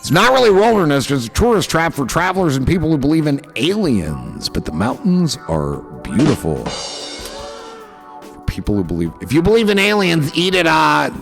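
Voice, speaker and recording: Man, livestream host, casual chat, joking and profane, slightly high voice, lively pitch. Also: brisk, gravelly, few pauses, soft background music. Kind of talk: casual chat reading viewer comments aloud.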